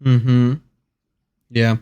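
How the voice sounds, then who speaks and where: A man hosting a casual gaming show, easygoing and quick to agree with short replies. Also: mid-range voice, monotone, warm tone, clean tone, muffled recording. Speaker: host and player.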